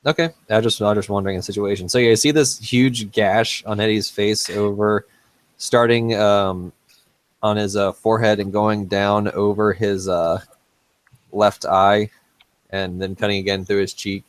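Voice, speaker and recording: A man's voice: lowish voice, steady tone, moderate pace, no room sound. A man playing a tabletop game, describing his character's wounds in a plain, matter-of-fact way. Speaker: player. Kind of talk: casual tabletop play.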